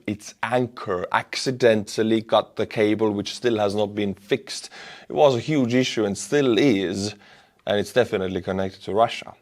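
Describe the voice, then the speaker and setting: A man, giving blunt, emphatic solo commentary on war news and pushing into indignant outbursts. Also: fairly low pitch. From Estonia.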